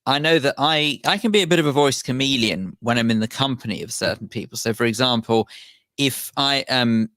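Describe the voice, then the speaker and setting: Give me a well-spoken man co-hosting on the radio, polite and measured, with a dry studio sound. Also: medium pitch, fairly bright tone, dry recording. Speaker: radio show co-host. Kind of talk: casual studio banter. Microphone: studio microphone.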